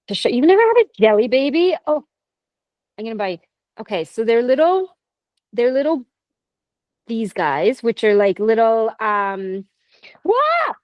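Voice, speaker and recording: A woman's voice: on the high side, a little mellow, dry recording. A woman, co-hosting a podcast in casual chat, playful and rambling as she explains things. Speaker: podcast co-host.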